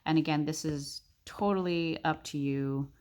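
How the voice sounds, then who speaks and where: Slow-talking woman teaching drawing. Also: low voice, fairly even intonation. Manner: chatty, thinks aloud, soft muttered asides, light laughs. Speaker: drawing tutor. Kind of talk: casual drawing tutorial narration.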